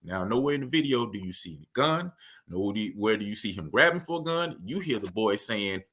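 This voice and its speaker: A man co-hosting a podcast, earnestly recounting news events in a measured, detailed way. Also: fairly low pitch, animated, noisy background. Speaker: podcast co-host. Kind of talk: casual discussion of news.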